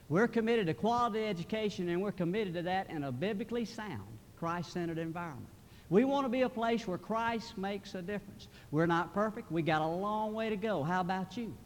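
A man's voice: high voice, long reverb tail, a little hiss or hum. A man, a college president giving a sermon, earnest and building to fervent emphasis. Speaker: college president, guest preacher.

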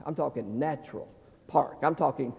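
A middle-aged man preaching a humorous storytelling sermon, animated, with stammering restarts and phrases repeated for effect. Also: mid-range voice, normal speed, creaky, husky. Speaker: pastor. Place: large church sanctuary. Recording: dull, reverberant church hall recording.

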